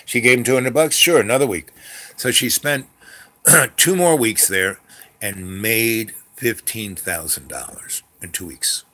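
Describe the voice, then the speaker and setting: A man hosting his own channel, telling a long story in a meandering way with lots of fillers and restarts and frequent throat clearing. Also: on the low side, slow pace, sharp tone. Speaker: channel host. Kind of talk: rambling storytelling monologue.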